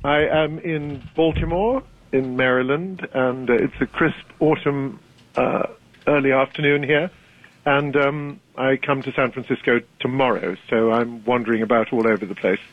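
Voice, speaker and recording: A man's voice: mid-range voice, fairly even intonation, normal speed, no room sound. An older man with a British accent, a genial and wry author guest in a casual interview, chuckling often. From Britain. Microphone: telephone. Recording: tinny phone line.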